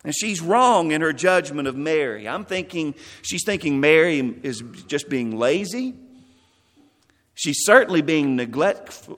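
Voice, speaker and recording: A man preaching a sermon, expressive, acting out the quoted lines of the people in the passage. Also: fairly high pitch. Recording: long hall reverb.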